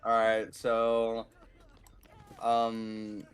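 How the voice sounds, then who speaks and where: A man's voice: lowish voice, completely flat delivery, very slow, clean tone. A man bantering while playing a match, slangy and playful. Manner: slangy, playful, says "bro" often. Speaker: co-player. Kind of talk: casual game banter.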